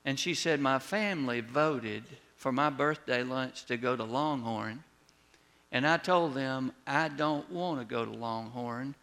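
A man preaching a sermon as a pastor, telling a personal story with lively retold dialogue and words that drop soft at the ends of lines. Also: medium pitch, measured pace, vocal fry. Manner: storytelling, animated when retelling, drops soft on closing words.

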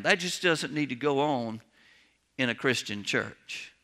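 A man's voice: mid-range voice, animated, measured pace, bright, forceful tone. A man, a pastor, preaching a sermon in a church with folksy, humorous storytelling. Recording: long reverb of a large hall.

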